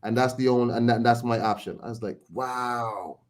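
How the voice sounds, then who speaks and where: A man chatting as co-host on a casual boxing podcast. He talks haltingly, stumbling and repeating words before he gets the thought out. His voice sits in an ordinary middle pitch. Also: little pitch movement, darkish tone.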